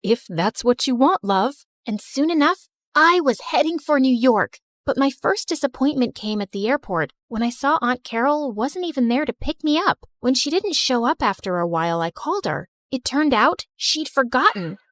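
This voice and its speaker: A woman narrating an animated drama in the first person, telling it with emotional, expressive storytelling. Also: high voice, moderate pace, few pauses, no room sound, studio quality.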